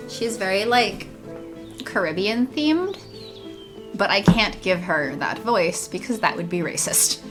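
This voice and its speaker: Let's play co-host, woman, mid pitch, dry and teasing, game music behind. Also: expressive, measured pace. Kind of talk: casual gameplay chat.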